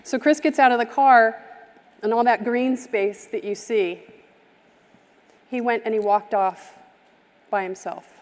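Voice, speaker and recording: A woman's voice: on the high side, fairly even intonation, unhurried, pauses often, a little mellow. A woman speaking at a summit, telling a heartfelt story with vivid detail and acting out the people in it. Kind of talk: storytelling keynote talk. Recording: live stream from a reverberant hall.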